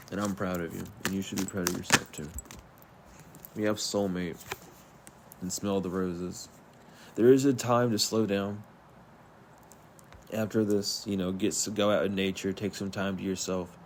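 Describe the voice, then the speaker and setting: A man's voice: sits low, slight background noise. A man giving an earnest, rambling spiritual pep talk, speaking straight to the viewer in a soothing, repetitive way. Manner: earnest, rambling, repeats himself. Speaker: spiritual reader.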